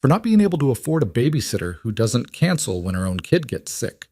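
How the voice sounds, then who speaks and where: A man voicing a frightened young single mother, crying and breathless, in halting sentences. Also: medium pitch, big pitch swings, warm tone, slight background noise, pitched above the performer's own voice. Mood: despairing.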